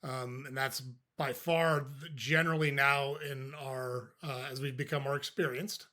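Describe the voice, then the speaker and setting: A man's voice: mid-range voice, steady tone, unhurried, sharp tone. An older man hosting a podcast, giving casual advice in a conversational, dry way and acting out sample replies. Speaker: podcast host.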